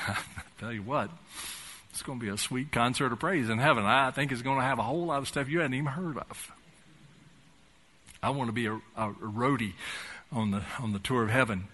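A man's voice: mid-range voice, moderate pace, long pauses, bright, forceful tone, slightly rough. A man preaching a sermon as pastor, talking in a conversational, folksy way with touches of humor and building to fervent emphasis.

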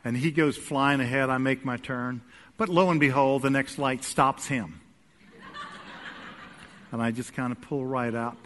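Bright-voiced animated male preacher. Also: medium pitch, a little slow, long pauses. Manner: animated storytelling, swings from soft asides to loud emphatic peaks. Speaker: pastor. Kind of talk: sermon with humorous personal story. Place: church sanctuary with congregation.

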